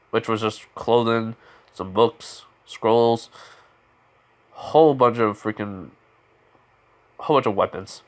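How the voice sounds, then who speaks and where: A man casually retelling a fan story in a loose, rambling way, full of fillers and restarts, briefly lifting his voice to quote characters. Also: on the low side.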